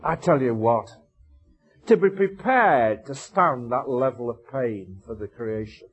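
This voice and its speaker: A man preaching a sermon with passion, asking rhetorical questions and swinging between loud, high bursts and quiet, low asides. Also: animated, a little slow, breathy edge, dull audio, soft background music. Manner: impassioned, rhetorical questions, wide swings in pitch and loudness.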